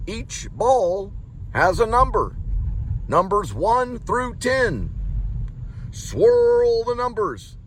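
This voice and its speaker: A man doing an impression of an older filmmaker, speaking in a high, slow, deliberate way. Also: big pitch swings, full character voice, rough recording. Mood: deadpan ritual. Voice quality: high, drawn-out, oddly measured delivery. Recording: car road noise behind.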